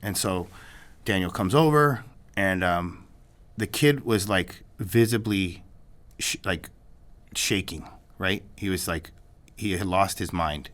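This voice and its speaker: Male guest, low-pitched, loose and rambling anecdote teller. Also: slow pace, long pauses, a bit bright. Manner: rambling, many restarts and "you know what I mean". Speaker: filmmaker guest. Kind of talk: casual storytelling in an interview.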